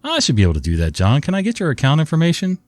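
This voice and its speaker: A man's voice: a little high, wildly swooping pitch, very fast, no room sound, faint music behind, voice pushed up. A man voicing a patient, weary male help-desk worker with polite, scripted phrasing.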